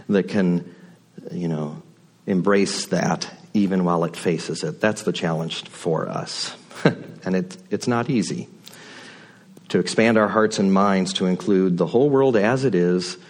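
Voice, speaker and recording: A man giving a sermon from a church pulpit, conversational and reflective, with folksy asides. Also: low voice. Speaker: guest speaker at the pulpit. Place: church sanctuary.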